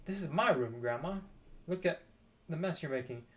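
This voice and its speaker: A man's voice: fairly high pitch, animated, moderate pace, close to an everyday voice. A worried young boy, as a man reads him. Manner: pleading, eager.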